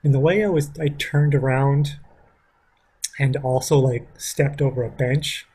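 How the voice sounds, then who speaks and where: A man's voice: mid-range voice, fairly even intonation, measured pace, mellow, breathy edge. A man casually telling a story from his school days, rambling with frequent swearing. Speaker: vlogger.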